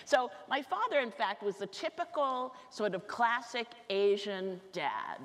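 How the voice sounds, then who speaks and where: A woman around sixty telling comic stories on stage, fast, animated and self-mocking. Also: fairly high pitch. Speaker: author giving a talk. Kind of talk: comic storytelling talk on stage. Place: large lecture hall. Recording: reverberant hall with faint noise.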